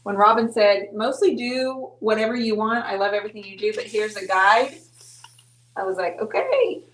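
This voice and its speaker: A woman's voice: medium pitch, fairly even intonation, normal speed, a bit bright, a little hiss or hum. A woman hosting a live painting show, chatting playfully and explaining her steps as she works. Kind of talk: casual live painting chat. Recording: echoey room.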